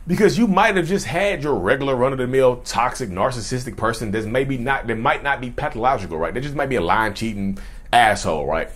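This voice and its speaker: Guy chatting to his viewers, really lively up-and-down voice, mid pitch, keeps repeating himself. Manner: animated, repeats and restarts phrases, addresses viewers directly. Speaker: mental health commentator. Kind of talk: casual talk to camera.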